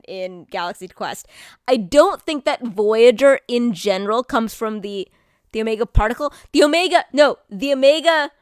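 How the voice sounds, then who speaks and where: Woman streamer, rambling and excitable, hiccuping, casual chat; slightly high voice, dry close sound. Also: dry recording.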